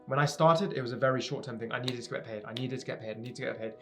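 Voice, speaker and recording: A man's voice: mid-range voice, racing, faint music behind. A young man speaking straight to viewers about starting a business, earnest and emphatic, hammering points home by repeating phrases. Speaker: entrepreneur giving advice to viewers. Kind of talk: direct-to-camera motivational talk.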